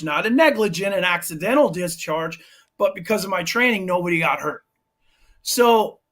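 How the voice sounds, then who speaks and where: A man who runs a gun shop and teaches firearms classes, telling a long anecdote in a casual interview with restarts and asides. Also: sits high. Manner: animated, rambling anecdote with restarts. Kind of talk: casual storytelling in a podcast interview.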